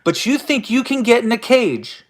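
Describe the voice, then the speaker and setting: A man with a noticeably high-pitched voice rants at his listeners as host of his own show. He swears constantly, talks in a confrontational tone and keeps stumbling into restarts. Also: big pitch swings, moderate pace. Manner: profane, confrontational, stammering restarts. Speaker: host of an online audio room show. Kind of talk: angry ranting monologue.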